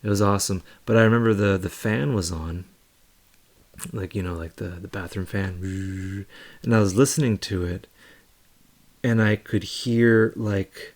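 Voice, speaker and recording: A man's voice: on the low side, steady tone, a little slow. A young man hosting a live stream, telling a loose, rambling story in casual chat with many fillers.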